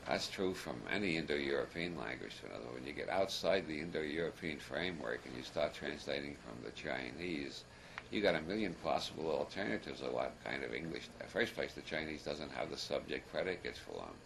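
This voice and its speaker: An older man with a very low, gravelly voice rambles through a talk, chuckling at his own jokes. The archival recording is noisy, with a hum under his words. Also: animated, a little fast. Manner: wry, chuckling, meandering with self-deprecating jokes. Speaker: lecturer. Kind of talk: rambling humorous talk to a live audience.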